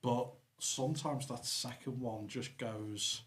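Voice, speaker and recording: A man's voice: mid-range voice, fairly even intonation, slow pace, a bit bright. A man co-hosting a casual podcast chat, thoughtful and anecdotal, with frequent ums. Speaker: podcast co-host.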